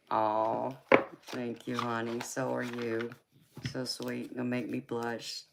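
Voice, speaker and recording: Woman, Southern twang, very deep voice, unhurried speech, affectionate live-chat host, faint hiss behind. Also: fairly even intonation, creaky. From California. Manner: soft-spoken, affectionate, calls viewers honey and baby. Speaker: livestream host and tarot reader. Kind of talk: casual live chat with viewers.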